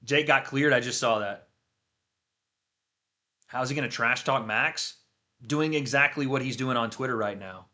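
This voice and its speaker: A man hosting a livestream watch party, chatting casually and excitably, swearing freely as he reacts. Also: mid-range voice, measured pace, pauses often. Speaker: livestream host.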